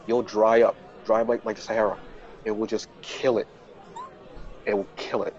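Male podcast host, animated self-mocking storyteller, mid-range voice, slightly muffled lo-fi sound. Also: a little fast. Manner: animated, self-mocking, jumps into high-pitched voices when quoting himself. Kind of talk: casual storytelling.

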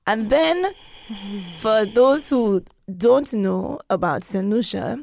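Gravelly-voiced woman telling a story. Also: fairly high pitch, very slow, no room sound. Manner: animated, acts out quoted voices. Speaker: podcast host. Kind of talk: casual storytelling chat. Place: London.

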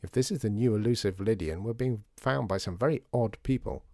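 A man's voice: on the low side, a little fast, mellow, no room sound, close to an everyday voice. A man reading a story, voicing a sardonic middle-aged father with a dry manner. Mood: wry.

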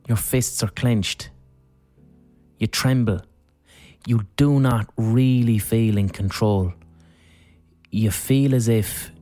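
Lower-voiced man, frank podcast talk. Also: darkish tone. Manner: frank, profane, conversational. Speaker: podcast host. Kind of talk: reflective solo talk.

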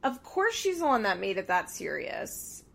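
A woman co-hosting a casual podcast, recapping reality TV with animated, swear-filled chat and acted-out quotes. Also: mid-range voice, normal speed, creaky. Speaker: podcast co-host.

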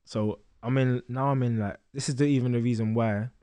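A young man telling a lively story as a podcast guest, acting out the voices of others. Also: medium pitch, fairly quick, smooth, no echo. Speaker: guest boxer.

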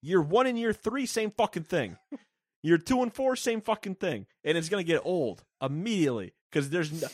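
Here the co-host speaks at a moderate pace in a high voice, recorded in studio quality with no echo. The chat is casual, comedic gaming talk, and he launches into a swearing, animated rant as a fake executive for comic effect.

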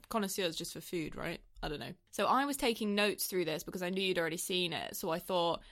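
A woman's voice: fairly low pitch, fairly bright tone. A woman co-hosting a podcast, chatting about a film and giggling as she reads out her notes. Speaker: podcast co-host. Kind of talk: casual film chat.

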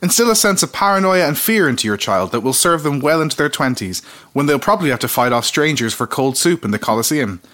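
A man co-hosting a comedic podcast, reading mock sponsor messages with a deadpan, sardonic delivery and frequent laughter. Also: a little high, fast talker. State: slightly tipsy. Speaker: podcast co-host.

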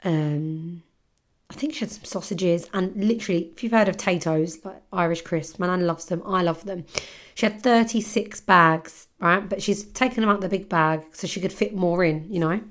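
A woman's voice: fairly low pitch, normal speed, a bit bright. A young woman hosting a podcast, chatty and giggly, telling a story with casual swearing. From London, England. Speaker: podcast host.

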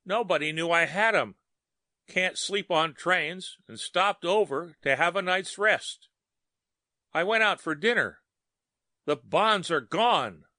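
A man voicing a ruined, stunned middle-aged traveler with a harsh, croaking, lifeless voice, speaking dully and slowly. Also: sits high, lively intonation, bright, forceful tone, dry recording, studio quality, pitched above the performer's own voice, heavily acted. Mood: dull. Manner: despairing, dull and slow.

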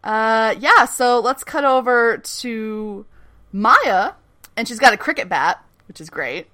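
Woman podcast host, super animated, bright tone, laughs a lot recapping episodes. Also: a little high, slow. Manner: animated, swearing, laughing often, acting out characters' lines. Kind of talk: casual chat.

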